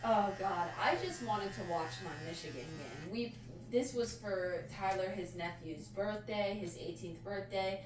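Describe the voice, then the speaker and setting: A woman's voice: mid-range voice, a little slow, hardly any pauses. Indignant woman retelling a run-in. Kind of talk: casual storytelling chat. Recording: echoey room, distant voice, noisy background. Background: room ambience and electric clippers.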